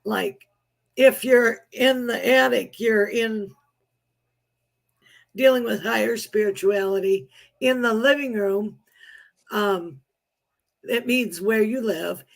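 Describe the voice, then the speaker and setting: A woman's voice: on the high side, slow pace, gravelly, long pauses. A woman, a psychic medium guest on a live-stream chat, explaining things plainly with examples.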